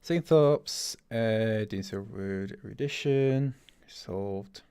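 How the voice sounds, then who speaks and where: This man's voice is fairly low, slow, mellow and clean. He's a streamer giving livestream gameplay commentary, chatting as he thinks aloud and laughing often.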